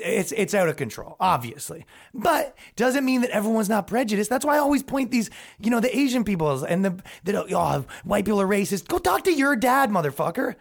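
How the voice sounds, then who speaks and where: A man hosting a podcast, delivering a rambling, profane, sarcastic comedic rant. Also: high voice. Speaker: podcast host.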